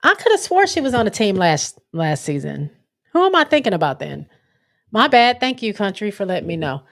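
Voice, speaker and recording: A woman's voice: mid-range voice, very animated, a little fast. A young woman hosting a casual sports livestream, chatting loosely and reading viewer comments aloud as she goes. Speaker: livestream host.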